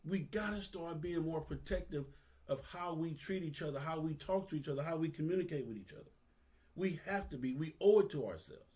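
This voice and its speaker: A man's voice: on the high side, lively intonation, a little fast, dark tone. A man, giving a candid, earnest monologue that is profane and casual, with phrases repeated for emphasis. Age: 50s. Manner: profane, street-casual talk. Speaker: vlogger.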